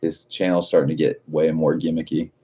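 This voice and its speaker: Deep husky man chatting on a stream. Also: little pitch movement, brisk, mellow, muffled recording. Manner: profane, joking, laughs often. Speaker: livestream host. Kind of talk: casual livestream chat, reading viewer comments.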